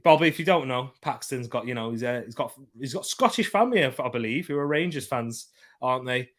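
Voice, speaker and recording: A man's voice: mid-range voice, expressive, quick pace, a bit bright. A man hosting a live football watchalong, giving casual match commentary in a rambling way, repeating himself and reading out chat comments. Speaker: host of a football watchalong stream.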